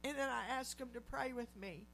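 High-voiced woman telling a testimony sermon. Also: normal speed, vocal fry, slight background noise. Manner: animated storytelling, acting out quoted voices. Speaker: lay preacher.

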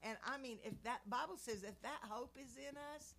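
A woman's voice: fairly high pitch, normal speed, creaky, fairly bright tone. A woman in her seventies praying and giving an earnest devotional teaching. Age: 70s. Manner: earnest, preacherly. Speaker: Christian speaker.

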